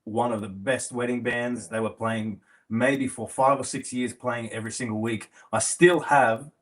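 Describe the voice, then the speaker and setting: A musician talking in a casual chat show, calmly remembering his father's band. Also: medium pitch, normal speed. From Australia.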